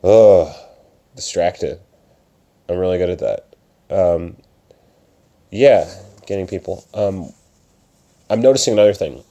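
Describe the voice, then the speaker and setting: A man's voice: low voice, lively intonation, measured pace, vocal fry, long pauses, dark tone. A young man hosting his podcast alone, talking casually and rambling from topic to topic in his room at night. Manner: rambling, self-distracted, slips into mock voices. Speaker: podcast host and open mic organizer. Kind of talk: casual solo talk. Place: upstairs room in his parents' house at night.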